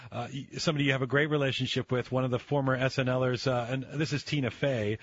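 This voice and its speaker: A man interviewing a guest, asking questions in a friendly way and laughing along, with halting restarts. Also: medium pitch, steady tone, slightly rough, no echo, dull audio.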